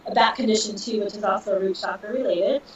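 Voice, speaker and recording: A woman in her thirties, a podcast guest, telling a personal story in an emotional, animated way with laughter. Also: mid-range voice, fast talker, a little hiss or hum. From Southern California. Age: 30s. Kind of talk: casual storytelling. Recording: dull, distant, roomy audio.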